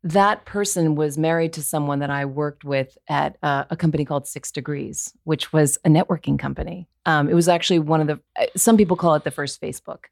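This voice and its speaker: A woman's voice: deep voice, fairly quick, creaky, hardly any pauses, no room sound, studio quality. A woman in her forties, a voiceover actor, telling a story in a conversational interview and acting out the lines she quotes. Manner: animated, acts out quoted lines.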